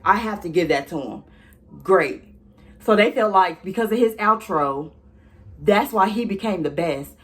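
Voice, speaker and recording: A young woman vlogging, telling a storytime straight to her viewers in a sassy, animated way. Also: medium pitch. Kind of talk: casual storytime chat.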